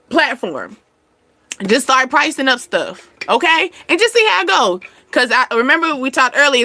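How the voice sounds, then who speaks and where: Woman host, bright higher voice, dry close sound, chatty and blunt, laughs a lot. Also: dry recording. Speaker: channel host. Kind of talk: casual advice talk to viewers.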